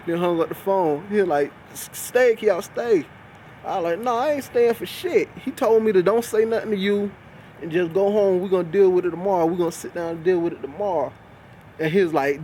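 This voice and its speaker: A young man telling a story about a fight at work in a casual, profane, animated way, acting out what each person said. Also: high-pitched, a little hiss or hum. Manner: profane, animated, acts out quoted voices with laughs.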